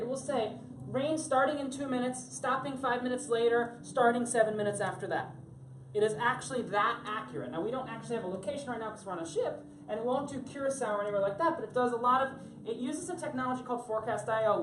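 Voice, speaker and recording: Woman from Florida, fairly high voice, presenting live to a crowd, jokey and animated; roomy echo with faint background hum. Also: fast. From Florida, USA. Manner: chatty, joking, animated. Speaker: tech presenter. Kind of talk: live talk to an audience. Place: room on a cruise ship.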